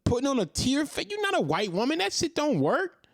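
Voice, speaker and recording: A man in his thirties rants straight into the mic, firing off profane rhetorical questions. His pitch swings widely as he heats up, and the sound is dry with no room echo. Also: huge pitch swings, fairly quick, vocal fry. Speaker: commentary host. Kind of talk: ranting monologue.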